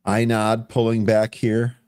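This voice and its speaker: A man co-hosting a live market show, calling out tickers and price moves in quick running chatter. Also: on the low side, completely flat delivery, a little mellow, clear, resonant tone. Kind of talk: live trading commentary.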